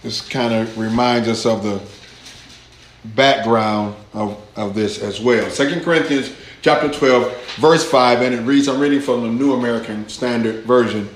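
A man preaching a sermon as pastor, slow and deliberate, rising with emphasis as he reads scripture aloud to his congregation. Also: medium pitch, fairly even intonation, slight background noise. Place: church hall. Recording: echoey church room.

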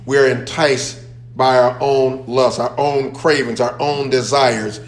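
A man's voice: mid-range voice, flat delivery, measured pace. A man preaching a sermon as pastor, building emphasis and repeating key phrases. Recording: echoey room.

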